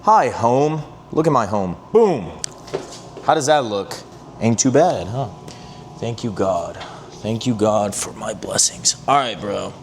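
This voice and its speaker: A man's voice: lowish voice, lively intonation, takes it slowly, slight background noise. A young man vlogging in casual, rambling talk, joking around and swearing a lot as he drives and shops. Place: in a car, then in a shop and at home.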